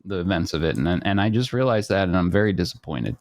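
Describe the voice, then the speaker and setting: A man's voice: sits low, sing-song, fast, a little mellow. An American man hosting a podcast, chatting playfully and laughing often. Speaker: podcast host. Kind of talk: casual chat.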